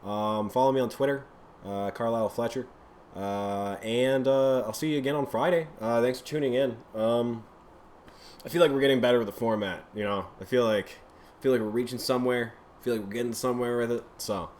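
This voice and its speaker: A man's voice: mid-range voice, a little fast, a little mellow, a little hiss or hum. A man hosting a podcast, signing off in a loose, rambling way with casual swearing. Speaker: podcast host. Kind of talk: casual show sign-off.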